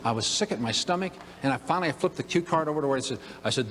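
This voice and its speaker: An older man giving a motivational talk, telling a humorous story in an animated way to a room of listeners. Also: mid-range voice, rapid-fire, a little hiss or hum. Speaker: motivational speaker. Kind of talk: storytelling keynote speech. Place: event room with audience. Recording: long hall reverb.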